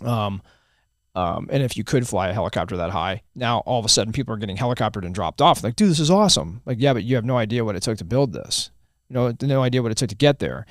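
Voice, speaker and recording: A man's voice: on the low side, lively intonation, fast, no room sound, studio quality. A man hosting a podcast, talking in a reflective, casual way and reaching for analogies. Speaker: podcast host. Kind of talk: casual conversation.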